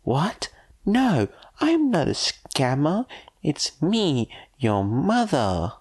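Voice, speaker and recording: A man putting on a shrill, brash middle-aged woman. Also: huge pitch swings, very slow, husky, full character voice. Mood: indignant.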